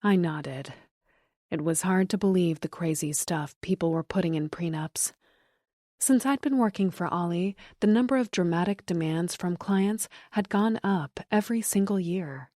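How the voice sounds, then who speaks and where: Woman audiobook narrator, low mellow voice, measured delivery, dry close mic. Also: no echo. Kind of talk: first-person audiobook narration.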